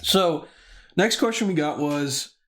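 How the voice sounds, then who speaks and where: A man with a somewhat high voice chats on a comedy podcast. He rambles crudely and swears often, thinking out loud as he goes. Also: lively intonation, slow pace. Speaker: podcast co-host. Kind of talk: casual comedy podcast chat.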